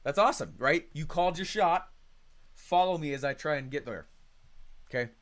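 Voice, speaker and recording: Man, fairly high voice, upbeat coaching call host, chatty and animated, computer mic. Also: moderate pace. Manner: energetic, conversational, reads chat comments aloud. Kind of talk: live online coaching call.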